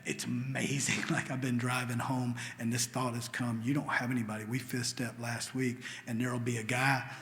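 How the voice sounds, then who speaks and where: A man's voice: mid-range voice, little pitch movement, normal speed, hardly any pauses, a bit bright. A man telling an emotional recovery story to a meeting in a church hall, sometimes dropping to a near whisper. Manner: earnest and emotional, drops to a near whisper at tender moments. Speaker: AA meeting speaker. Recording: long hall reverb with faint ambient noise.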